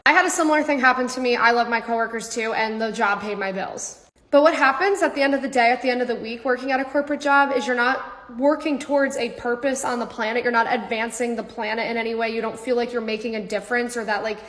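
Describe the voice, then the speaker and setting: Brief: fast-talking young woman, preachy and earnest, recorded with long room reverb. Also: fairly high pitch, a bit bright. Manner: passionate, preachy explaining. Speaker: content creator responding to a video. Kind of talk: earnest commentary.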